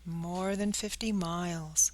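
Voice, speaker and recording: A woman voicing a large male pigeon in an audiobook, speaking in a plain, measured way. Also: on the low side, fairly even intonation, low-quality recording. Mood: calm. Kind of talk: audiobook character voice.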